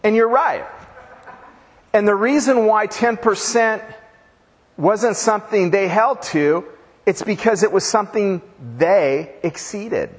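A man's voice: high-pitched, takes it slowly, breathy edge. A man preaching a sermon as pastor, casual and joking, with slangy storytelling. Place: church with a long reverb. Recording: church hall reverb.

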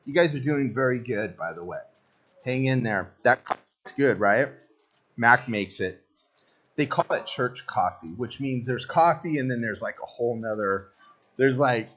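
A man's voice: medium pitch, lively intonation, moderate pace, a bit bright. A man preaching a sermon as pastor, casual and joking, talking straight to the congregation.

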